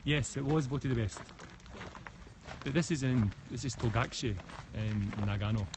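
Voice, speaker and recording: Walking a mountain forest path with his phone, a Scottish stream host from the west of Scotland speaks at a moderate pace in a mid-range voice. His relaxed, chatty replies to comments come with frequent restarts, and the outdoor noise is clearly heard.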